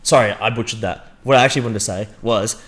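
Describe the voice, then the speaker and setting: A man's voice: on the low side, quick pace, a bit bright. A man co-hosting a podcast, telling stories casually and acting out what others said. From Western Australia. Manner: anecdotal, acts out quoted voices. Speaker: podcast co-host. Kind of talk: casual storytelling.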